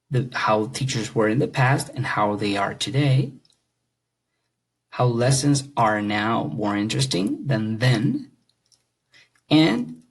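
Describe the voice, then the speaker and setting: A man's voice: medium pitch, gravelly, husky, poor audio. A man teaching an English grammar lesson, explaining patiently and checking understanding with questions.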